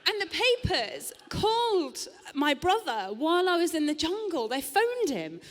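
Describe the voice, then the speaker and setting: A woman's voice: very high voice, big pitch swings, a little hiss or hum. Chatty woman comic on a big stage. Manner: chatty, self-mocking, quick asides to the crowd. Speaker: stand-up comedian. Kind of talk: live stand-up set. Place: large theatre stage. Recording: long hall reverb from a live venue.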